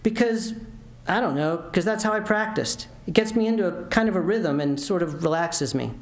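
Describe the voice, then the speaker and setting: A man reading a story aloud, voicing a quiet, hesitant teenage boy in a roomy hall. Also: sits high, lively intonation, moderate pace.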